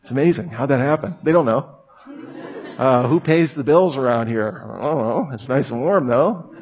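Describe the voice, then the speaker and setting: A man's voice: mid-range voice, expressive, moderate pace, darkish tone. A man in his thirties preaching a sermon in a casual, chatty way, with laughing asides. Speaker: pastor.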